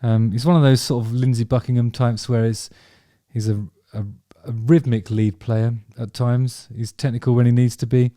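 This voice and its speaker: A man's voice: mid-range voice, level tone, normal speed, few pauses, mellow, no echo, studio quality. A man chatting casually about favourite songs, rambling and enthusiastic, with many ums and restarts. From England. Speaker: vlog host talking about music.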